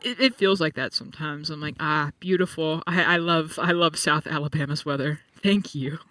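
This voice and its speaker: A man in casual chat, telling stories with animated, rambling energy and lots of "like". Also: on the high side, moderate pace, no echo, recorded from a distance. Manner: chatty, animated storytelling with lots of "like". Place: home room.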